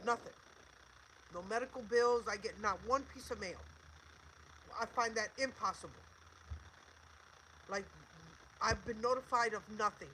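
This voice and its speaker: A woman's voice: on the high side, a little hiss or hum, low-quality recording. An older woman hosting a livestream, talking emphatically and repeating herself, swearing and preaching encouragement. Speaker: livestream host. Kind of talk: emotional livestream monologue.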